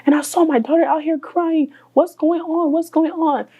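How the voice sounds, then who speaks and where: A woman's voice: sits high, fairly even intonation, moderate pace, mellow, voice pushed up. A woman voicing a worried pastor's wife who asks anxious questions. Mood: alarmed.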